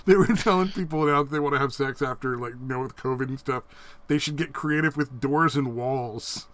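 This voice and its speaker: A man's voice: mid-range voice, brisk, crowd noise. A man co-hosting a podcast, joking crudely and laughing often in casual banter. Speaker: podcast co-host.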